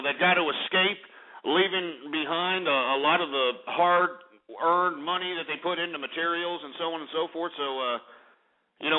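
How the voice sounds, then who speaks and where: A man hosting a call-in radio show, brash and profane, ranting with lots of fillers. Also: fairly high pitch. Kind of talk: call-in talk radio rant. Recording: tinny phone-quality broadcast audio.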